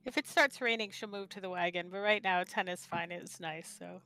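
A woman's voice: lowish voice, brisk, sharp tone, faint music behind, rough recording. A woman playing a tabletop game, chatty and prone to stumbling over her words. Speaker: player. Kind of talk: tabletop role-play chat.

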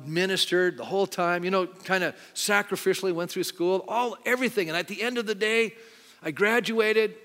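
In a church sanctuary, a middle-aged male pastor delivers a sermon with an altar call in a high-pitched, fairly bright voice. He speaks conversationally and keeps asking the congregation questions, while long hall reverb and faint music fill the recording.

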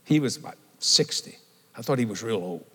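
Brisk and medium-pitched, an older man preaches over some background noise, the recording full of long hall reverb. He tells lively stories and calls out questions for the congregation to answer.

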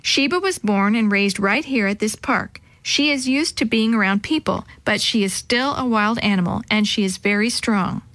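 A woman voicing a calm, firm male animal trainer who gives steady, cautioning instructions. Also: sits high, normal speed, few pauses, no room sound. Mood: explaining. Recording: dry close sound.

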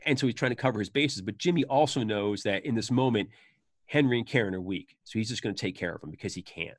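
A man chatting casually as a podcast host, retelling film scenes and breaking into high, animated voices for the quoted lines. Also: fast talker, no echo, clean studio sound. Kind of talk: casual chat about a film.

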